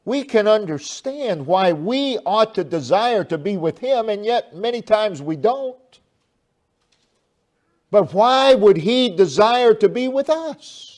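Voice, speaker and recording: A man preaching a sermon, slow and deliberate, with long pauses and swelling emphasis. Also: sits high, expressive, darkish tone. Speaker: pastor.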